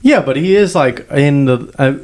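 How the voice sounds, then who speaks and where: A man's voice: medium pitch, animated, moderate pace, darkish tone. A man co-hosting a podcast, a stand-up comic telling stories in casual, profane chat and laughing often.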